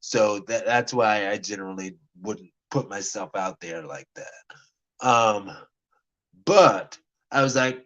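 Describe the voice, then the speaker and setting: A man vlogging to camera, telling a personal dating story in a rambling way, stammering and restarting often and dropping into quiet murmured asides. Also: lowish voice, steady tone, unhurried, lo-fi sound. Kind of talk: casual talk to camera.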